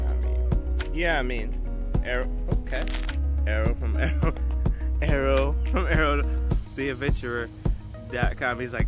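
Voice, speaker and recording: Laid-back male vlogger, lively and amused, slow-talking, music playing in the background. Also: mid-range voice. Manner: laughing often, amused, slangy. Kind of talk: casual vlog chat. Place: indoors in an office.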